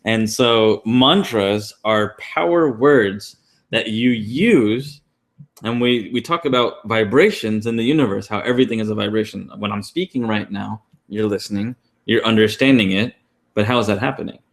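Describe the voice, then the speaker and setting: Low-voiced man co-hosting an online class. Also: moderate pace. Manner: rambling, many fillers and restarts. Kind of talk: casual teaching talk. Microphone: online class call.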